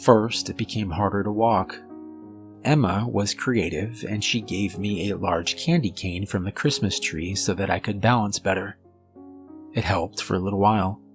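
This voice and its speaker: A man with a fairly low voice reads a first-person horror tale in a steady, measured storytelling manner. His scripted narration sits over a soft, faint music bed. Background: soft background music.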